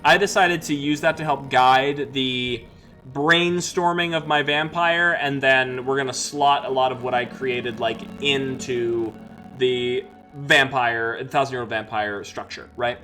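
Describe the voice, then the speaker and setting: A man's voice: medium pitch, steady tone, a little slow, bright, forceful tone, faint music behind. A man hosting a live-streamed solo tabletop game, talking casually and rambling with many fillers. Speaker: host and game master.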